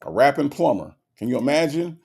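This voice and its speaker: Gravelly-voiced man riffing for his stream. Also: medium pitch, brisk. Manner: animated, repetitive, laughing asides. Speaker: livestream host reading chat. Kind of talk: casual comedic commentary.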